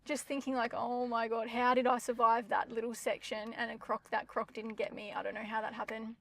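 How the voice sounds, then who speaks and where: A young woman co-hosting a podcast, retelling a scary story in a dramatic, animated, casual way. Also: fairly high pitch, a little fast, creaky. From Australia. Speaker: podcast co-host.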